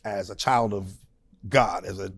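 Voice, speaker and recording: Here a low-pitched male voice with a breathy edge comes through a dry recording at a measured pace. In this conversational interview about his work as a supporting vocalist, he's animated and emphatic, quick to laugh, and punctuates his points with short stressed words.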